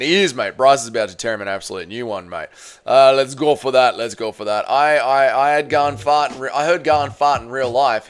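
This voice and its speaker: A hoarse man with an Australian accent hosting a casual livestream, reading viewer comments with loud, playful banter. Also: medium pitch. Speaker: livestream host.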